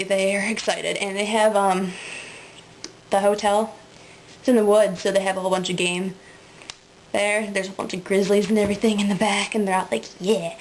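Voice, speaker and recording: A woman talks into her webcam in a loose, rambling way, hopping between thoughts with lots of ums and likes. She giggles often, her voice sits in an ordinary middle pitch, and a faint hiss runs under the recording. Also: rough recording. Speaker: vlogger. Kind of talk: casual rambling monologue.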